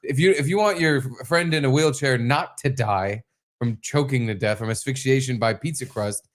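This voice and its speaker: Male co-host, mid-pitched voice, crude rambling banter. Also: moderate pace. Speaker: podcast co-host. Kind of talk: casual chat.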